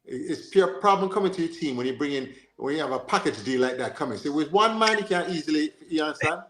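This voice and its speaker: Jamaican guy hosting a footy chat, kinda high voice, lots of "you understand", echoey room. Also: fast talker. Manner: animated, repeats himself, asks "you understand?". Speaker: podcast host. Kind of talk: casual chat.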